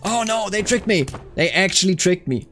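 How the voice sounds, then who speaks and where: A man streaming a strategy game, reading event text aloud and reacting loudly to what happens. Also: high-pitched, expressive, moderate pace, slight background noise. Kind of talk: live game stream commentary.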